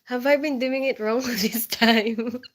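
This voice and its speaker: A woman's voice: fairly high pitch, fairly even intonation, slow. Woman, from the Philippines, livestream host, casual chat, giggly, reads comments aloud. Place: bedroom.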